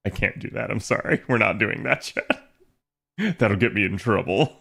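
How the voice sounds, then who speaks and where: A man's voice: on the low side, expressive, moderate pace, vocal fry, bright, forceful tone. A man chatting casually on a livestream, rambling with lots of fillers and frequent laughter. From United States. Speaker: streamer.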